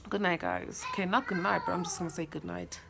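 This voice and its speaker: A woman's voice: on the low side, lively intonation, quick pace, creaky, very noisy. A young South African woman vlogging casually from home, playful and chatty, slipping Zulu words into her English. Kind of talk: casual selfie vlog. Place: at home, in bed.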